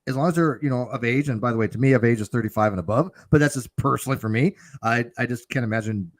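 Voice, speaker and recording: A man's voice: medium pitch, quick pace, no echo. A man hosting a casual, rambling chat, talking animatedly and swearing often. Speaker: show host.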